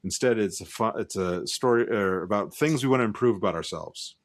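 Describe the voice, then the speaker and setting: Male co-host, low register, loose storyteller who plays out the dialogue. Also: a little fast. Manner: animated anecdote-telling, acts out both sides of the exchange; swears casually. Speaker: podcast co-host. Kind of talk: casual storytelling chat.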